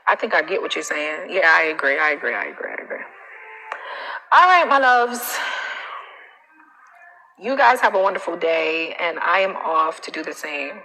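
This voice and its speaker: A woman coach hosting a casual live stream, animated and emphatic, with a preachy manner full of slang asides. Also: low-pitched, moderate pace, long pauses, rough recording.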